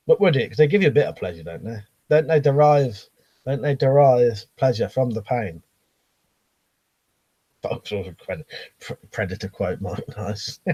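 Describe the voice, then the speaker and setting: Man, live-stream chatter, rambling and swearing, medium pitch, dry close sound. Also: darkish tone, slightly rough, no room sound. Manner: rambling, swears casually, frequent ums and restarts. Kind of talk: casual live-stream chat, reading viewer comments aloud.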